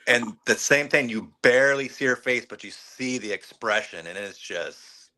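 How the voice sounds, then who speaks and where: A man's voice: medium pitch, lively intonation, moderate pace, sharp tone, poor audio. A man co-hosting a podcast, chatting casually about a movie and often laughing along. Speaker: podcast co-host. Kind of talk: casual movie review chat.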